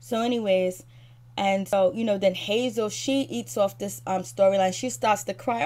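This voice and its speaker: A woman rants through a reality show recap, addressing the cast directly in a fired-up, critical way. Her voice sits at an ordinary middle pitch for a woman. She keeps circling back with casual fillers. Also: steady tone, normal speed, a little mellow. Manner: repeats fillers like "so anyways" and "you know". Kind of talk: ranting recap commentary.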